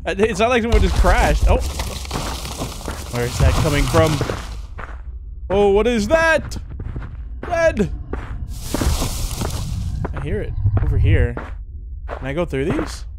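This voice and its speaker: Male gamer, fairly high voice, chatty horror playthrough, audible background noise. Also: takes it slowly, long pauses. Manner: excitable, chatty, reacts out loud. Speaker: gaming YouTuber. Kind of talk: casual horror game commentary.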